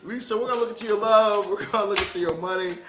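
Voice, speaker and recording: A man's voice: high-pitched, steady tone, very fast. A man giving a casual livestream tarot reading, loose and profane, joking and laughing easily. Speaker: tarot card reader. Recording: echoey room with music.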